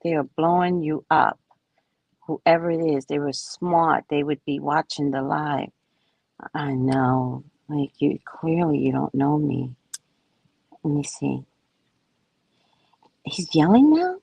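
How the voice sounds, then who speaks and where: A woman's voice: sits low, fairly even intonation, slow pace, creaky, a little mellow, no room sound, poor audio. A woman chatting casually with viewers on a home live stream, reading their comments aloud and answering them. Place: at home by the kitchen table.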